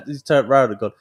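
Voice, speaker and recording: A man in casual chat, swapping army stories with lots of swearing and laughter. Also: mid-range voice.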